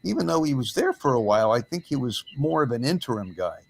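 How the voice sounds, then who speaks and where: Older guy, ex radio jock, chatty storytelling, lots of uh and um, mid pitch. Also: lively intonation, quick pace, creaky. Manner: storytelling with frequent fillers. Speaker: former radio DJ. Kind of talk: casual reminiscing chat.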